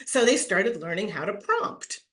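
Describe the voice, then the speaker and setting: A middle-aged woman giving a playful, animated webinar talk on branding, acting out quoted voices and laughing often. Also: mid-range voice, unhurried. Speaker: branding speaker at an online summit. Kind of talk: lively webinar presentation.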